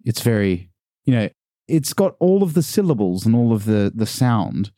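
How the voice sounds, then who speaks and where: Laid-back Australian man with a dark voice. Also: on the low side, big pitch swings, normal speed, no echo, studio quality. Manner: playful, puts on posh voices in stories. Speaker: podcast guest. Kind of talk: casual chat.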